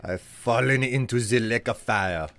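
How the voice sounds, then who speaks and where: A man's voice: medium pitch, measured pace, a bit bright. A man voicing a theatrical male chef adventurer, speaking in a grand, formal, declaiming manner. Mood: dramatic. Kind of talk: live-stream role-play voice.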